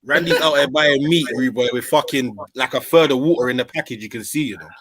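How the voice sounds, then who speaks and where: A man's voice: medium pitch, fast talker, a crowd in the background. Teasing slangy man. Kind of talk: casual group chat on a live panel.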